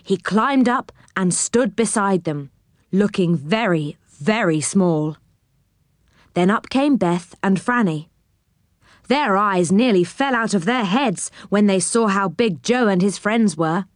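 A woman reading a children's chapter book aloud, gently and expressively. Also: mid-range voice, no echo, studio quality. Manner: slow, gentle, expressive reading with voices for characters. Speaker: storybook reader.

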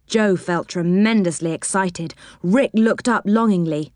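A woman reading a children's story aloud in an expressive storytelling manner. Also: lowish voice, a little slow, hardly any pauses, dry recording, clean studio sound.

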